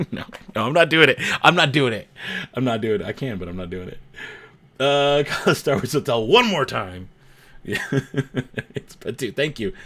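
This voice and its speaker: Young male streamer, casual and teasing, very animated intonation, desk mic. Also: mid-range voice. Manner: playful, teasing, quick to laugh. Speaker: livestream host reading chat. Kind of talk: casual livestream chat.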